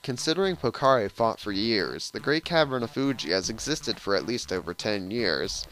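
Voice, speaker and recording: Over soft background music and poor audio, a man with a lowish voice talks at normal speed while hosting a let's play. He reads the game text aloud in a lively way, switching back and forth between reading and sarcastic asides.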